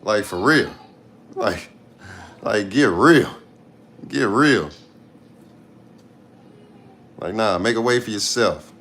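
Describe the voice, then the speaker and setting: A man's voice: lowish voice, animated, takes it slowly, long pauses, fairly bright tone. Blunt, profane man ranting on a livestream. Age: 30s. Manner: blunt, profane, repeats himself for emphasis. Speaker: live streamer. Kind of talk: casual livestream rant.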